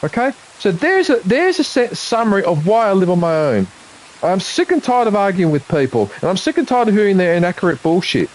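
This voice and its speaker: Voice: medium pitch, sing-song, brisk, slight background noise, poor audio. An Australian-accented vlogger delivers a heated monologue straight to the camera. The talk is indignant and profane, full of repeated points.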